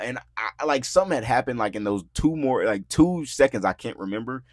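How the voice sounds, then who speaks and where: A young man hosting a podcast, telling a story in casual, profane talk, acting out quotes loudly and filling his speech with "bro" and "like". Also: mid-range voice, lively intonation, brisk, dry recording, studio quality. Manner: frequent filler words like "bro" and "like". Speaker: podcast host. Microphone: podcast mic.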